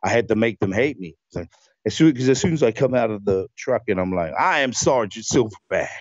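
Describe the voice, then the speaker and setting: A male actor chatting as a guest on a live stream, telling his stories in an animated, emphatic way. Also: fairly low pitch, fast talker, dry recording, dull audio. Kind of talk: casual interview chat.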